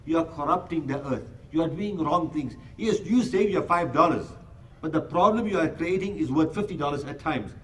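Male preacher, fairly high-pitched, sermon, acts out scenes, recites verses. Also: animated, moderate pace, fairly bright tone, recorded from a distance, rough recording. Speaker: Islamic preacher. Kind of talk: sermon explaining Quran verses.

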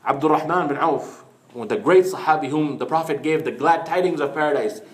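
A man's voice: a little high, a little fast. Earnest male preacher in an echoey room. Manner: earnest, storytelling, mixes in Arabic phrases. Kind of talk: Islamic sermon.

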